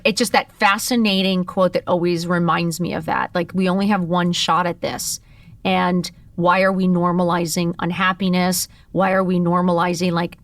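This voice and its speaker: A woman's voice: on the low side, no echo, recorded from a distance. A woman in her fifties hosting a podcast, telling a personal story candidly and expressively, full of "like" fillers and the odd curse. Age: 50s. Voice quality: expressive, with lots of "like" fillers and profanity. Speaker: podcast host.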